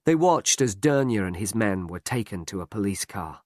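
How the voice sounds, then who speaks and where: A man narrating a graded reader story in a slow, measured audiobook style. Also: on the low side, no room sound. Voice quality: slow, lively delivery. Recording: dry close recording.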